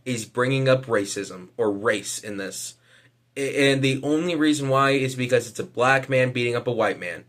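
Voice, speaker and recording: A man giving casual vlog commentary, hesitant, with lots of fillers and casual swearing. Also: medium pitch. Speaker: vlogger.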